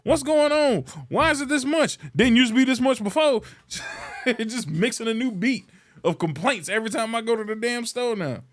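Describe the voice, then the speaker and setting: A man's voice: very high-pitched, moderate pace. A man hosting a podcast, ranting in a casual, comedic way. He swears freely and sounds exasperated. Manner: profane, exasperated, animated complaining. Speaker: podcast host.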